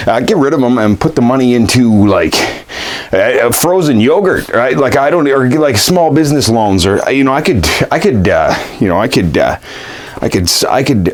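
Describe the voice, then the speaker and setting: A man in a comedy sketch, ranting in a rambling way full of fillers and restarts, getting heated. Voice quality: lively swooping pitch.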